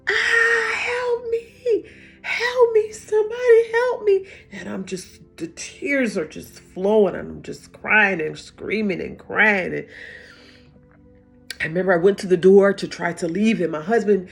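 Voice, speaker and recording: A middle-aged woman telling her own hard story as emotional testimony, halting and repeating words as she goes. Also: lowish voice, creaky, slightly rough. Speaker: vlogger sharing a personal story.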